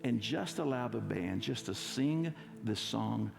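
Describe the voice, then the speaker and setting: A man's voice: medium pitch, expressive, measured pace, music in the background. A man preaching a sermon as pastor, playfully coaxing his congregation to recite a verse with him. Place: church sanctuary. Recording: gravelly voice with long church hall reverb.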